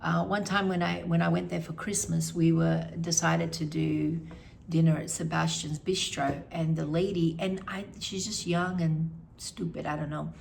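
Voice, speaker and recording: A middle-aged woman talks in a casual, rambling way, full of fillers and frank opinions. Her voice is low and gravelly with plenty of fry. A faint hiss of background noise sits under the recording. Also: flat delivery, normal speed, a little mellow. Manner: chatty, rambling with many fillers. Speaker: vlogger. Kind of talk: casual review chat.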